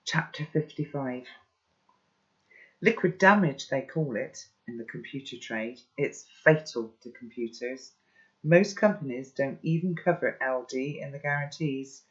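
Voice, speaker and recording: A man's voice: mid-range voice, measured pace, fairly bright tone, muffled recording. A man reading a children's novel aloud, with chatty asides to his listeners. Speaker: storybook reader.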